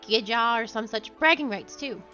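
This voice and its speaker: A woman's voice: on the high side, normal speed, sharp tone, highs cut off, faint music behind. A woman voicing a cheerful, chatty male Orlan, a small furry creature fond of betting, in a folksy drawl. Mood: cheery.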